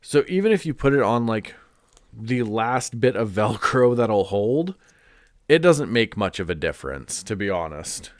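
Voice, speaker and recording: A man's voice: on the low side, big pitch swings, a little slow, no room sound, clean studio sound. A man chatting casually on a live stream, congested and rambling with lots of "like" and restarts. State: stuffed up, congested.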